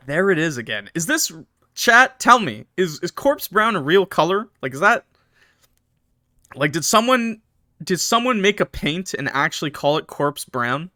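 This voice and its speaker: A man's voice: sits high, sing-song, measured pace, bright, forceful tone, dry recording, studio quality. A man streaming a horror visual novel, reading it aloud and breaking off for jokey, chatty asides to his viewers. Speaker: game streamer.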